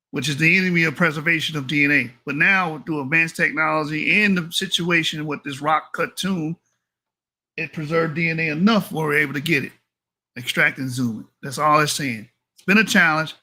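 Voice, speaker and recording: A man's voice: on the high side, sharp tone. A man giving heated reaction commentary, mocking and profane as he corrects someone's reading of a paper.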